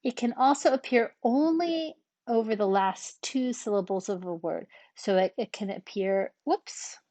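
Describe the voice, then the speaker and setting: A woman's voice: on the high side, a little slow, dark tone, no room sound. A woman teaching a language lesson in a patient, step-by-step way, with frequent ums between points. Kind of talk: relaxed classroom explanation.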